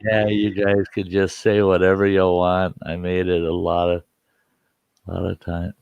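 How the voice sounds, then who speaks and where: A man's voice: low-pitched, monotone, a little slow, creaky, a little mellow, clear, resonant tone, no echo. A man chatting casually on a livestream, easygoing with short answers. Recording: dry, dull lo-fi sound.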